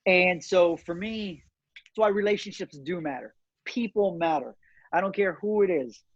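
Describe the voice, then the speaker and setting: A man's voice: high voice, moderate pace, no echo. A middle-aged man, a guest in a casual interview, telling a personal story earnestly with many fillers and restarts. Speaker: cigar company owner, guest. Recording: dull, dry lo-fi audio.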